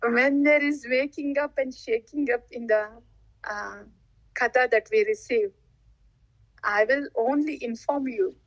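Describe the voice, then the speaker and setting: A woman's voice: on the high side, dry recording, rough recording. A woman giving a devotional talk as a spiritual teacher, laughing often and asking rhetorical questions. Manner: laughs often, acts out listeners' replies; unhurried, asks rhetorical questions.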